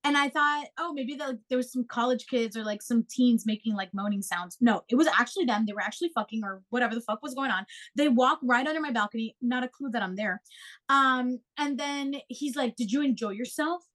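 A young woman co-host telling a story in casual chat, animated and swearing freely as she acts out quotes. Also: fairly high pitch, brisk.

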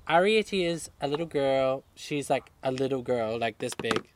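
A man's voice: mid-range voice, lively intonation, normal speed, background noise. Young aussie guy rambling thru a story, lots of "like", medium voice, chill podcast outside. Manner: rambling storyteller, many fillers. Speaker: podcast co-host. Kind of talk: casual chat. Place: outdoors in a garden.

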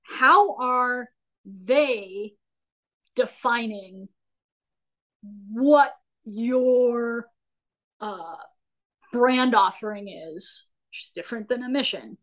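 A woman guest on a podcast, explaining business ideas in a casual, animated way, acting out little quotes and asking "right?" often. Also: on the high side, extremely slow, pauses often, rough recording. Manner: animated storytelling with acted-out quotes; folksy, says "right?" often. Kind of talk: conversational explaining.

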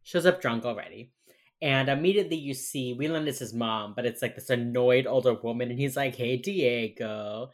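Low-voiced woman casually recapping a show. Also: brisk. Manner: wry storytelling, heavy use of "like". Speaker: podcast co-host recapping a TV episode. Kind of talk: casual chat.

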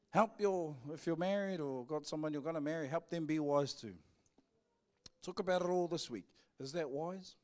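Cheeky New Zealand pastor, slightly high voice. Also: male voice, normal speed, a little mellow. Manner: playful, cheeky, jokey with the congregation; acts out back-and-forth dialogues. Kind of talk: live sermon. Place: church service.

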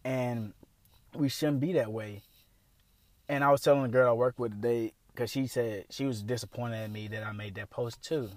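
A young man hosting his own podcast in a casual, candid monologue with features, swearing freely and getting louder and quicker when worked up. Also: mid-range voice, dry recording. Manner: candid, profane, animated, speeding up and rising when worked up. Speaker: podcast host.

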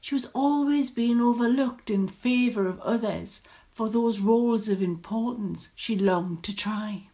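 A woman reading a story aloud in a measured, descriptive storytelling manner. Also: a little high, dark tone.

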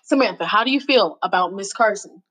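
The host of a casual video reads out lawsuit stories in a mid-range, fairly bright voice with a breathy edge, lively intonation and a fairly quick pace. She comments mockingly and with exasperation, at times stumbling over the text, on poor audio.

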